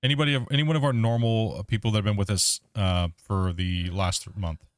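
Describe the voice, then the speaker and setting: A man's voice: lowish voice, fairly even intonation, quick pace, no echo. A man hosting a gaming livestream, rambling casually and chuckling as he talks to his chat.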